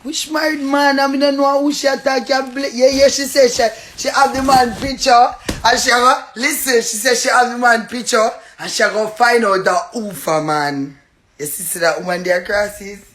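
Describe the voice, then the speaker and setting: A woman's voice: on the high side, fairly even intonation, normal speed. A woman with a Jamaican accent trades insults with her landlord in a real-life row. She curses in thick patois and taunts with laughter between her jabs. A faint noise runs underneath her voice. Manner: loud cursing patois, taunting with bursts of laughter. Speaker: tenant in a dispute. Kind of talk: heated real-life argument.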